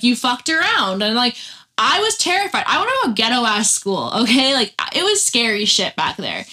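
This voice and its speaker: A young woman tells a personal story in a casual, animated way, swearing freely as she goes. Her voice sits a little high and sounds bright and forceful. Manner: animated, heavy swearing, laughs mid-story.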